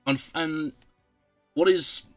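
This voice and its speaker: A man's voice: fairly high pitch, fairly even intonation, takes it slowly, soft background music. A man running a tabletop game from home, narrating with many ums and restarts. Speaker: game master.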